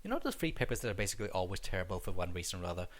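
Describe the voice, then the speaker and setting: A man's voice: sits low, big pitch swings, rapid-fire, a bit bright. A young man reading a scripted stand-up comedy monologue in a wry, joking manner, recorded on a headset mic.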